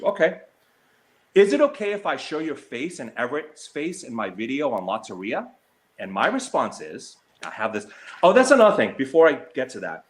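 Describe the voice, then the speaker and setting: A middle-aged man vlogging an angry personal callout, heated and indignant as he reads text messages aloud. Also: mid-range voice. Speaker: slots vlogger.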